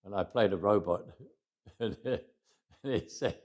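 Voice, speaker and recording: A man's voice: lowish voice, slow, pauses often, a little mellow. An older man with a Cockney accent, telling stories from his life in an interview, often chuckling and restarting phrases. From England. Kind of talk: reflective interview storytelling.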